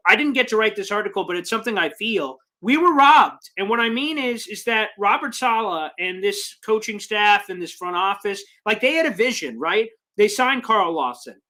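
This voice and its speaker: A man hosting a live sports fan stream reads viewer comments and talks in a passionate, rambling, high-energy way, emotional and excited.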